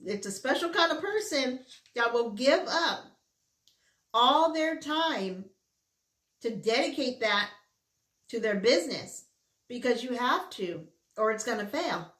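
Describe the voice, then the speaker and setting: A woman's voice: fairly high pitch, expressive, slow pace, long pauses, a bit bright. A middle-aged woman vlogger chatting candidly while she eats, sometimes with her mouth full. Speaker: mukbang vlogger. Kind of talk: casual chat while eating. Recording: roomy indoor echo.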